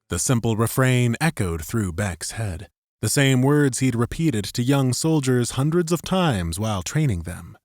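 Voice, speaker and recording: A man narrating a science fiction audiobook in an expressive scripted style, close to the mic. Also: mid-range voice, unhurried, dry recording.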